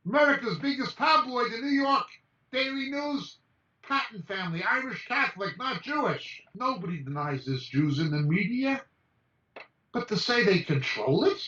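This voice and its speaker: A man speaks as a Bible teacher in an emphatic, high-pitched voice and reels off names in quick lists. He sounds far from the mic on a video call. The audio is dull and roomy. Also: animated, pushed and bright. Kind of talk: impassioned message over a video call.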